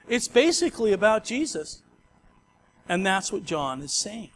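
A man with a notably high voice delivers a sermon as pastor, telling stories in an easy, conversational way. A faint hiss of noise sits under his voice. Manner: conversational storytelling preaching.

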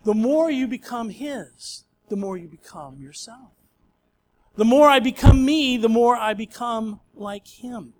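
A man's voice: extremely high pitch, unhurried. A male pastor preaching a sermon in a conversational storytelling way.

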